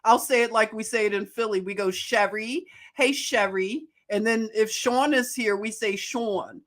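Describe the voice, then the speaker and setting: A woman's voice: a little high, steady tone, brisk. A woman with a Philadelphia accent hosting a casual livestream, greeting viewers by name and laughing often. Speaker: livestream host.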